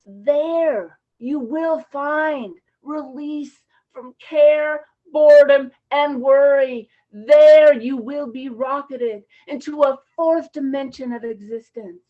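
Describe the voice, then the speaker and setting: A commanding, comforting voice of God proclaims loudly and reassuringly, as a high-voiced woman puts it on. The audio is muffled and lo-fi. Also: fairly even intonation, takes it slowly, few pauses.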